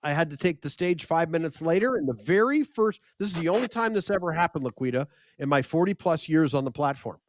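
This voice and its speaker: An older man with an American accent, a media expert guest telling lively stories and acting out quoted exchanges in a casual interview. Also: a little high, fast talker, few pauses, dry recording.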